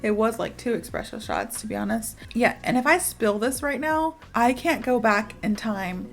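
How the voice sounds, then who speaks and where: A woman's voice: on the high side, animated, moderate pace. A young woman teaching English in a chatty, upbeat way with playful asides. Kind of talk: casual online English lesson.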